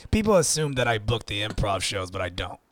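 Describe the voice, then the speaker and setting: A man's voice: lowish voice, big pitch swings, fairly quick, a bit bright, slight background noise. A man, a stand-up comedian, chatting on a podcast, defensive and self-mocking. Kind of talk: casual podcast banter.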